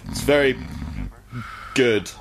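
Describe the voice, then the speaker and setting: A man's voice: mid-range voice, takes it slowly. Dry, sarcastic male panelist. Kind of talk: casual gaming chat.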